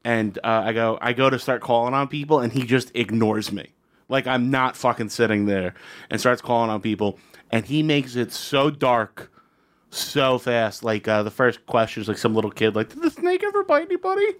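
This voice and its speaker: A man's voice: mid-range voice, fairly even intonation, normal speed, fairly bright tone. A man on a comedy podcast, casually telling a rambling anecdote with restarts and asides. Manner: rambling anecdote with frequent restarts and quoted voices. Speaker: podcast co-host.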